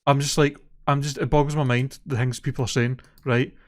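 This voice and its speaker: A man's voice: medium pitch, little pitch movement, brisk. A man co-hosting a casual podcast, retelling a story and swearing freely as he gets worked up. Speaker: podcast co-host. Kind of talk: casual chat.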